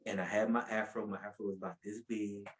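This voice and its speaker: A man's voice: lowish voice, quick pace, rough recording. A man telling his personal faith testimony as a podcast guest in a casual, colloquial way, repeating words as he goes and acting out what people said. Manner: animated, acts out quotes with raised voice.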